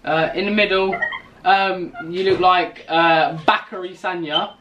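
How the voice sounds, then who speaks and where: A man's voice: high-pitched, steady tone, unhurried, fairly bright tone, lo-fi sound, slight background noise. A young man from England with a London accent, hosting a casual video chat and teasing strangers with mock insults while laughing often. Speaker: YouTuber host.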